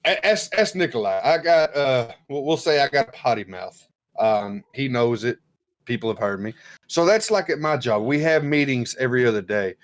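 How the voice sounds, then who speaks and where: A man's voice: mid-range voice, expressive, moderate pace. A man co-hosting a casual podcast, talking bluntly, swearing freely and acting out quoted people. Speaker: podcast co-host.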